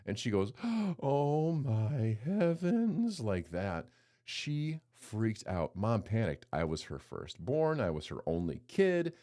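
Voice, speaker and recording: Lively-voiced man giving a devotional talk. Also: on the low side. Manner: expressive, folksy storyteller who voices quoted people. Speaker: pastor hosting a daily devotional podcast.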